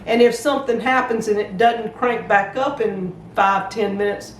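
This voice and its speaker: A woman's voice: medium pitch, steady tone, moderate pace, echoey room, far from the mic, a little hiss or hum, rough recording. An older woman with a Southern US accent, co-hosting a homestead channel and chatting plainly and homey with viewers. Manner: plainspoken, homey, explains things. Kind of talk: casual chat to viewers.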